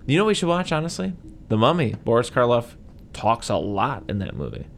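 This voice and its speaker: A man's voice: medium pitch, huge pitch swings, brisk, vocal fry, a little hiss or hum. A man co-hosting a podcast, casually retelling an old film with jokes and silly character voices. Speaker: podcast co-host. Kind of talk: casual movie chat.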